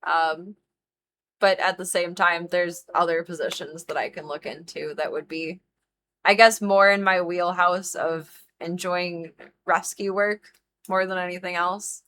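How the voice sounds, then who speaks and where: A woman's voice: on the low side, fairly even intonation, unhurried, a bit bright, slight background noise. A young woman streamer venting in a casual monologue to her chat, earnest and heated, full of "like" fillers and the odd swear.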